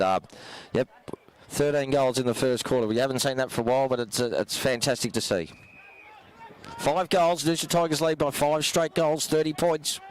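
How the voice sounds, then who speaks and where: An Australian man calling a live local football match as play-by-play commentator, voice going hoarse, rising to excited shouts on goals. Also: medium pitch, low-quality recording.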